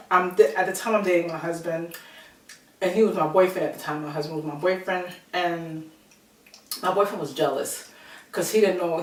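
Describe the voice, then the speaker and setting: A woman telling a personal story to her viewers in a chatty, animated way, acting out the people she quotes. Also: on the low side. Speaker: vlogger. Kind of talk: casual storytelling to camera. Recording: roomy echo, from a distance.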